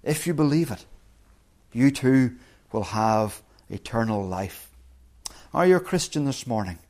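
A man with a voice on the high side preaches a sermon as a pastor, earnest in tone, dropping to a hush for quotes and rising to emphatic peaks.

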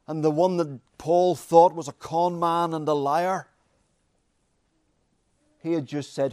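A man preaching a sermon, with dramatic pauses and emphatic repetition. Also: on the high side, steady tone, a little mellow, smooth, no room sound, clean studio sound.

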